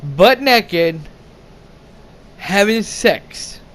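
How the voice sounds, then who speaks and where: Very slowly and with lively intonation, a young man with a high voice rambles through a casual movie review. He's full of swearing, false starts and laughter, and shouts out lines he's quoting.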